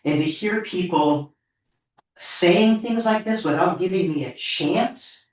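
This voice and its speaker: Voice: medium pitch, takes it slowly. A board member speaking at a town meeting in an earnest, heartfelt, emotional way. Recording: echoey hall, far from the mic.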